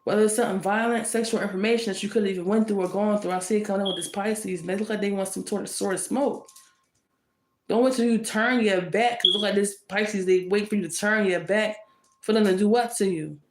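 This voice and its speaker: A woman's voice: mid-range voice, fairly even intonation, quick pace, a little hiss or hum. Fiery woman reading tarot in a roomy space. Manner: fiery, confrontational, repetitive. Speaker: tarot reader.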